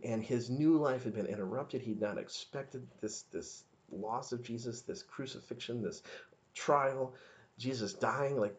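A man giving an informal devotional talk, earnest and conversational, often stopping and restarting his sentences. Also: mid-range voice. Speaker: podcast devotional speaker.

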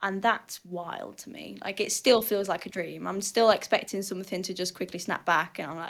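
A woman's voice: lowish voice, normal speed, creaky, few pauses. Chatty Northern English woman. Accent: Northern English (Hull). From Hull, England, raised in southern Spain. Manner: chatty, animated storyteller with frequent fillers. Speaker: guest athlete. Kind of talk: casual chat.

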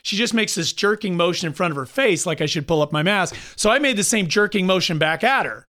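A man in his fifties hosting a talk show, chatting casually and telling animated stories with mocking impressions of others. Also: high voice, fairly quick. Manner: animated storyteller, mimics others with mocking voices. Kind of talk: casual opinion chat.

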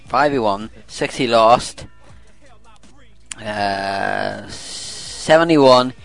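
A man's voice: lowish voice, extremely slow, creaky, fairly bright tone, dry recording, soft background music. A man co-hosting a casual podcast, joking and teasing his co-host. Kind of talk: casual chat.

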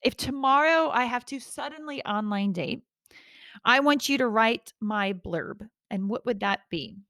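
A woman's voice: fairly high pitch, lively intonation, a little slow, fairly bright tone, no room sound. A woman hosting a casual podcast, upbeat and laughing often as she gives out points. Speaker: podcast host. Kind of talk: casual chat.

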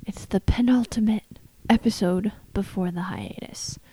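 A woman hosting her own solo podcast, her voice hoarse and scratchy from shouting, talking in a tired, wry, self-deprecating way with frequent little laughs. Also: mid-range voice, measured pace, no room sound. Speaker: podcast host. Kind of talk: casual solo podcast monologue.

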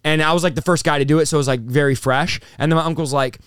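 Pastor guest, thirties, male: animated and fast-talking, slightly high, smooth clear voice, dry close sound. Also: no room sound. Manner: animated, rapid-fire, says bro and dude. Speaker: pastor and revivalist, interview guest. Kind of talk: excited conversational storytelling.

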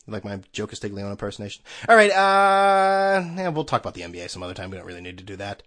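A man's voice: on the low side, very animated, fast, few pauses, a bit bright. A man hosting a podcast alone, rambling in a sarcastic, casual way and swearing freely. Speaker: podcast host. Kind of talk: casual solo chat.

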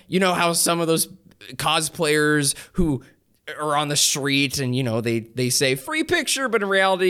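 A man's voice: high voice, sharp tone, smooth. A man playing a tabletop role-playing game, answering in character in a flustered, stammering way that breaks into laughter. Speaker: player.

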